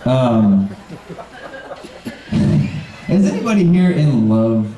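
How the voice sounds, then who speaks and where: Deadpan young comic in an echoey room. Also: male voice, mid-range voice, crowd noise. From Kentucky, USA. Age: 20s. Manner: deadpan, dry one-liners with sarcastic pauses. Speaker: stand-up comedian. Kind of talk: live stand-up set. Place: bar pavilion on stage.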